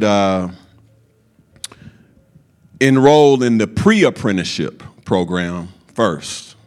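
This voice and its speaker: Casting: male preacher, unhurried deliberate delivery, emphatic, folksy asides to the congregation. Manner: slow, emphatic preaching with sudden high acted quotes and folksy asides. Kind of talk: sermon.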